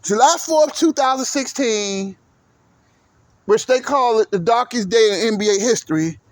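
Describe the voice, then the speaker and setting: A man ranting casually about basketball fans in a profane, animated way, often tagging his points with "right?". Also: extremely high pitch, no echo. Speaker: vlogger, sports commentator. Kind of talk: casual ranting sports talk. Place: sitting at home doing laundry.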